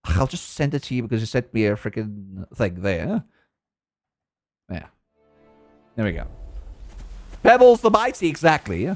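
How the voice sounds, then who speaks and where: A man streaming a video game, chatting casually and playfully, using baby talk for animals and breaking into sudden high outbursts. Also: very animated, moderate pace, pauses often, dry recording, soft background music. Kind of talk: casual live-stream gameplay commentary.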